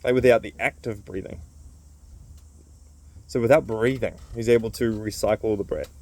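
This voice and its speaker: A man's voice: on the low side, normal speed, dark tone. A man who runs a men's circle, telling a casual, rambling story full of fillers.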